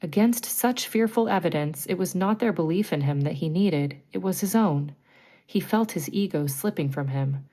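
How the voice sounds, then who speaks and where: A woman narrating a bedtime story, reading gently and clearly. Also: on the low side, animated, normal speed.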